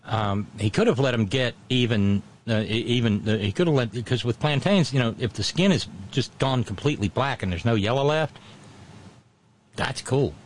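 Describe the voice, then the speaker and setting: A chatty male radio host who stumbles through his sentences, restarting and repeating words as he tells a story. His tone is wry and self-deprecating. A faint hiss sits under his voice. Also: medium pitch. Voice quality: halting, stammering restarts. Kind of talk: casual on-air chat.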